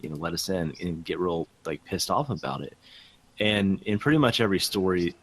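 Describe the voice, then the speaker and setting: A man's voice: low-pitched, animated, fairly quick, a bit bright, husky. A man on a casual podcast, telling a story in a meandering way with many fillers. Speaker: podcast co-host.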